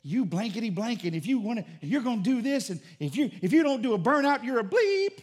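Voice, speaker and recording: A man voicing an angry Southern man in a truck who yells and cusses, within a sermon story. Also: very high voice, big pitch swings, fast talker, voice pushed up, heavily acted. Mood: yelling. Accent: Southern American. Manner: yelling, cussing.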